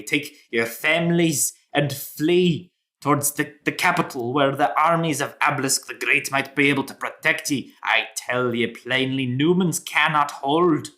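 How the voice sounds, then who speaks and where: A man voicing a frantic male dwarf herald who warns of doom, his voice trembling as he proclaims loudly and urgently. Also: mid-range voice, pitched above the performer's own voice.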